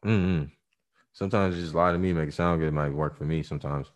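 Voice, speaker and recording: A man co-hosting a casual chat, telling animated, profane, jokey stories. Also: extremely low pitch, fast.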